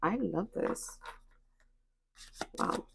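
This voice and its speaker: A woman's voice: extremely slow, noisy background. A woman giving a spiritual oracle card reading to her viewers, reassuring and encouraging in a casual, slangy way, often repeating phrases.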